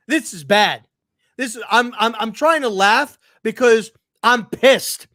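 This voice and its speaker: A man's voice: extremely high pitch, lively intonation, slow, pauses often, pushed and bright, dry recording. A sports show host ranting at his live chat, angry and frustrated, emphatic and profane, repeating his points. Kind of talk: heated sports rant.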